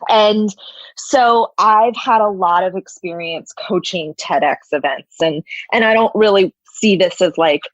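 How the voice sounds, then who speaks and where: A woman's voice: medium pitch, measured pace, no echo, highs cut off. A woman being interviewed as a guest, talking in a chatty way, full of "like" and "you know". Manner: animated, heavy "like" and "you know" fillers. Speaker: podcast guest, people and culture officer. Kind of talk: casual interview talk.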